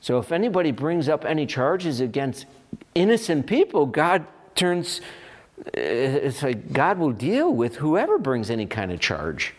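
Animated man preaching a sermon. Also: on the high side, a little slow. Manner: animated, expressive preaching with voiced asides and rhetorical questions. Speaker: pastor.

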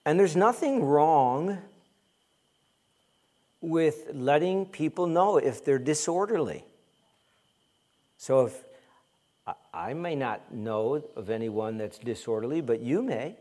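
A man's voice: a little high, lively intonation, slow, pauses often, mellow. A man preaching a conversational sermon as pastor, joking and mimicking complaining churchgoers.

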